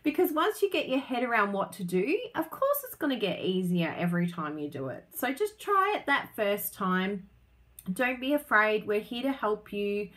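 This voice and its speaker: A woman's voice: mid-range voice, sing-song, moderate pace, a bit bright. A woman hosting a casual live stream, bubbly and chatty, laughing often as she talks to viewers. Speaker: craft business host.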